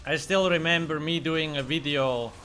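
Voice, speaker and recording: Blunt, bright-voiced male game streamer. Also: fairly high pitch, normal speed, faint music behind. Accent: German. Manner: blunt, profane, joking. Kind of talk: casual live-stream commentary.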